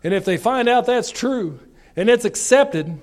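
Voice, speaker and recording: A man preaching a revival sermon, reading scripture quietly and then building to loud, shouted exhortation. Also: very high voice, expressive, a little slow.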